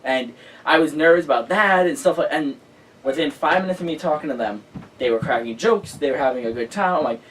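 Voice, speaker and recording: Male host, excitable storyteller, heavy with fillers, a bit distant from the mic with faint noise. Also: fairly high pitch, fairly quick. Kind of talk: casual chat.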